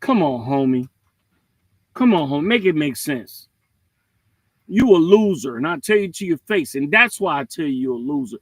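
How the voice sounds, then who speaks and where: A man hosting a livestream, ranting in a blunt, profane and mocking way, with swings between loud and quiet. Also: a little high, very animated, normal speed, long pauses, no room sound, low-quality recording. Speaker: livestream host. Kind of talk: heated livestream rant.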